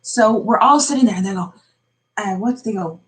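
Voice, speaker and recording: A woman's voice: medium pitch, fairly quick, fairly bright tone. An Irish woman in casual chat, telling stories animatedly, acting out what people said and laughing often. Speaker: vlogger telling stories to family.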